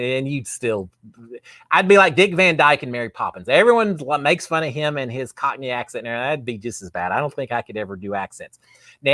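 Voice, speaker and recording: A man's voice: medium pitch, pushed and bright, no echo, studio quality. A man hosting a live show, chatting casually and reading viewer comments in a rambling, self-deprecating way with frequent laughs. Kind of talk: casual live-stream chat.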